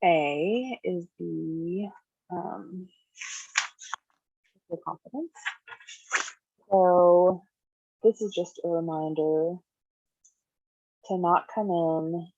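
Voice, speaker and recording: A woman's voice: fairly low pitch, extremely slow, pauses often, dry recording. A woman therapist teaching a skills class in a conversational way, acting out example dialogue. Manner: conversational, acts out example dialogue in lively voices. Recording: dull, dry lo-fi recording.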